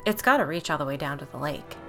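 A man's voice: a little high, very animated, fast, vocal fry, fairly bright tone, faint music behind, heavily acted. A woman voicing an easygoing homeowner who speaks casually and offhandedly.

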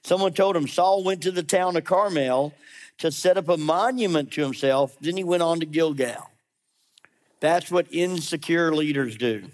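A man with a voice on the high side preaches as a pastor, talking to the congregation conversationally. He confronts listeners head-on and drops sarcastic comments along the way.

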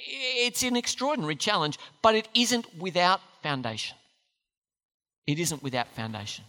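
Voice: mid-range voice, expressive, moderate pace, bright, forceful tone. A preacher giving a sermon, speaking with emphasis and putting questions to the listeners. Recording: long hall reverb.

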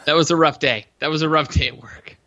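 A man's voice: fairly high pitch, fast, sharp tone, highs cut off. A man co-hosting a casual sports podcast, teasing his co-host and telling wry stories.

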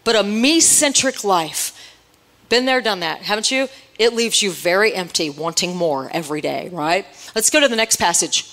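A woman's voice: medium pitch, expressive, moderate pace, a bit bright. A woman preaching a sermon to a congregation, teasing them with playful asides and quizzing the room. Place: church hall with congregation.

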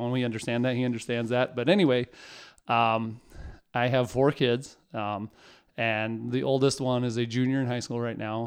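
A man's voice: mid-range voice, clear, resonant tone. A man in his forties, a father of four, telling rambling, self-mocking family anecdotes in a casual chat. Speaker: podcast guest.

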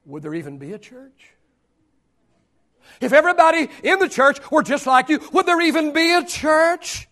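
High-pitched preaching pastor, man. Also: big pitch swings, moderate pace. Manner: preaching with rising shouts and sudden hushed drops; repeats rhetorical questions. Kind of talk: sermon.

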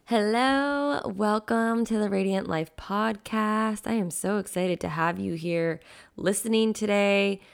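A woman's voice: mid-range voice, a little slow, creaky. A young adult woman hosting her own podcast as a mindset coach, talking in an earnest, heartfelt and encouraging way. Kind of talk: solo motivational podcast talk.

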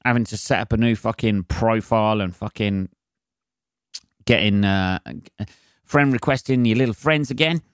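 A man's voice: fairly low pitch, moderate pace, pauses often, clean tone, dry recording, studio quality. A man hosting a solo comedy podcast, ranting in a sweary, sarcastic and rambling way. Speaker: podcast host.

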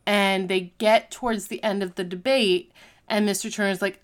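A woman hosting a casual chat, recapping an episode in a chatty way and sometimes slipping into quick character impressions. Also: mid-range voice, fairly even intonation. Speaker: podcast host recapping an episode.

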